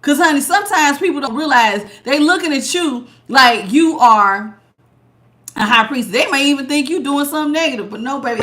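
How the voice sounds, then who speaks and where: A woman's voice: high-pitched, animated, normal speed, pushed and bright, a little hiss or hum. A woman hosting a live tarot reading, chatting casually with viewers and laughing often.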